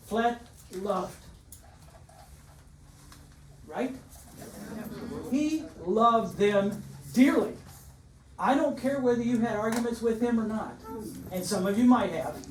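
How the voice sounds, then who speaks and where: A man's voice: extremely high pitch, animated, slow, long pauses, darkish tone. A man in his seventies, a retired teacher and coach, giving a joking but emotional dedication speech in a large school gym. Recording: echoey gym, distant mic, background noise.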